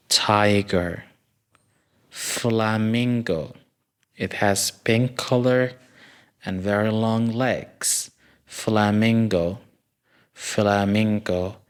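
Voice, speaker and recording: A man with a Somali accent leads an English vocabulary lesson. He talks at a very slow, careful pace, naming each word and repeating it. His voice sits a little low. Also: fairly bright tone. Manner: names each word and repeats it slowly for learners.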